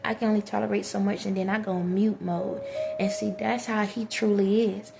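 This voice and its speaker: A woman's voice: mid-range voice, fairly even intonation, normal speed, gravelly, music in the background. A woman vlogger in a casual spiritual monologue, talking emphatically straight to her viewers and repeating her points.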